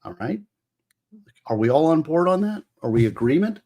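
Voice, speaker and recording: A man's voice: fairly high pitch, sing-song, moderate pace, a little mellow. A middle-aged man hosting a casual livestream, rambling and emotional as he explains law. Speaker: livestream host.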